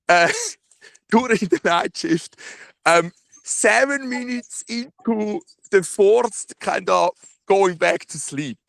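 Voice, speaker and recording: Halting Swiss German-accented man on a call. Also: high-pitched, animated, vocal fry, fairly bright tone, no echo. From Switzerland. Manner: halting, many fillers and restarts, laughs often. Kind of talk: casual phone call debrief. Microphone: phone.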